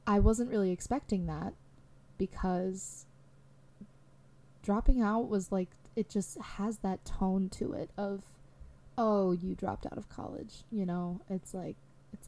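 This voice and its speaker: A woman's voice: medium pitch, fairly even intonation, takes it slowly, long pauses, mellow. A young adult woman hosting a solo podcast, talking candidly in a rambling way with lots of fillers. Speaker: podcast host.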